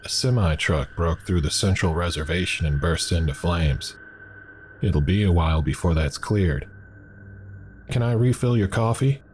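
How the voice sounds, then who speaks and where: A man's voice: deep voice, moderate pace, a little mellow, a little hiss or hum, lightly acted. A man voicing a chatty, friendly female diner waitress who calls customers sweetie.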